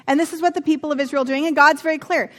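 A woman's voice: high-pitched, fairly even intonation, rapid-fire. A woman in her thirties teaching from the Bible in a chatty, humorous way, with personal asides.

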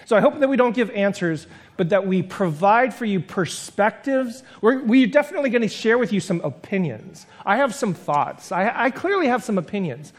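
A pastor with a high-pitched, expressive voice preaches a sermon at normal speed. He's reflective and conversational, building long spoken lists and pausing for self-deprecating asides.

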